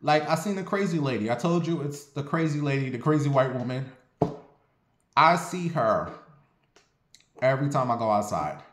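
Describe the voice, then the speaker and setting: A man's voice: mid-range voice, moderate pace, pauses often, a little hiss or hum. Brief: a sassy, profane man in his forties telling stories to camera, with a mid-range voice in a roomy, echoey space. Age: 40s. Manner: blunt, sassy, profane, animated. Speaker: vlogger. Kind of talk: casual storytelling monologue. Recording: roomy echo.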